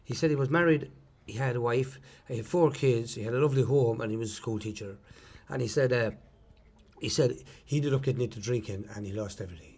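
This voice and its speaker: A man's voice: mid-range voice, fast talker, darkish tone, slightly rough. A man with an Irish accent, giving an earnest, rambling personal testimony and repeating himself as he tells stories. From Ireland. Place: outdoors at a pilgrimage site.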